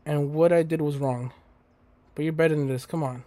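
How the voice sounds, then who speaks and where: A man's voice: on the high side, fairly even intonation, normal speed, dark tone, no echo. A young man playing a game on stream, reading its text aloud and breaking off into crude, joking asides. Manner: crude, joking asides between read lines. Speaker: let's play host. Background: faint game music.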